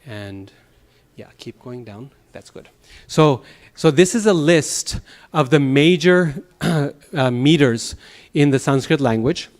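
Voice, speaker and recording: A man lecturing to a class in a temple classroom, explaining step by step with a medium-pitched voice. He keeps checking that the students follow. Now and then he recites verse lines slowly and rhythmically. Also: animated, darkish tone. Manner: patient, explanatory, checks understanding with "okay?". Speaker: Sanskrit teacher.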